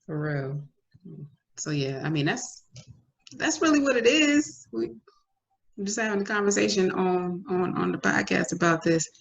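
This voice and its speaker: A woman co-hosting a podcast in casual chat, talking in a relaxed, conversational way and acting out how other people react. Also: lowish voice, moderate pace, creaky. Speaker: podcast co-host.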